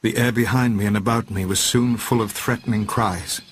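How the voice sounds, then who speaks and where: A man narrating a classic novel as an audiobook, in a steady, measured reading voice. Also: on the low side, slight background noise.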